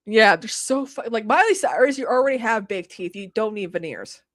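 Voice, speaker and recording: A woman's voice: a little high, expressive, a little fast, no echo, studio quality. A woman in her thirties co-hosting a podcast, chatting casually and rambling with lots of restarts. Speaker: podcast co-host. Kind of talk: casual chat.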